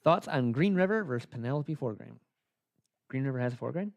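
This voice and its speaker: A man's voice: mid-range voice, expressive, brisk, vocal fry, no room sound, highs cut off. A tired man co-hosting a casual talk stream, offhand and joking. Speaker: podcast co-host. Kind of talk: casual chat.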